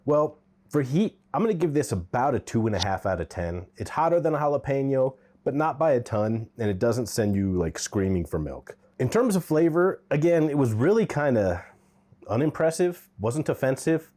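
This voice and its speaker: A man's voice: medium pitch, dark tone. A man giving a casual, candid pepper tasting review, thinking aloud with the odd um.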